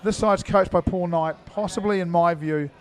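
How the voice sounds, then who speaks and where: A man's voice: sits high, moderate pace, slight background noise. A middle-aged man giving live indoor cricket commentary, chatty and full of fillers as he thinks aloud.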